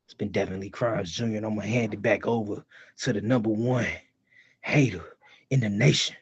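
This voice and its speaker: A man's voice: on the low side, fairly even intonation, fairly quick, husky. A man co-hosting a podcast, bragging and trash-talking playfully in casual banter. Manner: boastful, playful trash talk. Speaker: podcast co-host. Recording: dull lo-fi sound.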